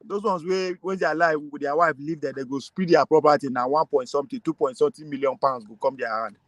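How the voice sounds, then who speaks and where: A man with a Nigerian accent talking politics in a casual way, animated and laughing often, mixing Pidgin and English. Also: on the high side, a little fast, no room sound. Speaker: political commentator.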